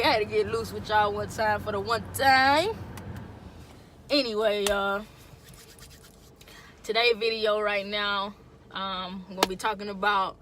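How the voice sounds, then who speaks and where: A woman's voice: mid-range voice, steady tone, unhurried, pauses often, a bit bright, slight background noise. A young woman truck driver chatting casually to her viewers in a loose, slangy way. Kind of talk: casual chat to camera.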